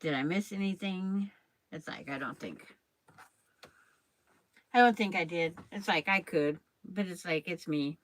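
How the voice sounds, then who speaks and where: An older woman hosts a quilting live stream, sewing as she chats casually, rambles, and greets viewers by name. Her voice sits fairly low and moves a little slowly, with frequent pauses. The audio quality is poor.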